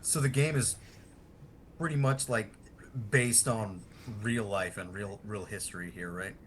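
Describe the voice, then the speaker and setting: A man's voice: on the low side, a little slow, a bit bright, slight background noise. A man co-hosting a podcast, joking around in loose, profane banter. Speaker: podcast co-host. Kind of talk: casual chat.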